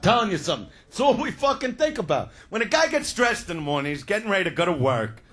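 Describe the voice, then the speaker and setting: A man doing crude, loud stand-up comedy, shouting his punchlines. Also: sits high, very animated, fast. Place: comedy stage before a live audience.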